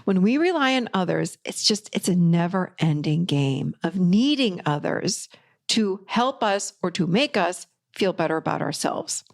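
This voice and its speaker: A woman's voice: on the low side, lively intonation, measured pace, creaky. A middle-aged woman, a podcast host and life coach, giving an upbeat, encouraging motivational talk with emphatic delivery.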